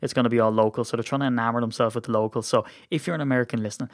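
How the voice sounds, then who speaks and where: An Irish-accented man hosts a casual sports podcast, chatting in a rambling, self-deprecating way with lots of fillers. His medium-pitched voice is very fast with fairly even intonation, recorded dry with clean studio sound.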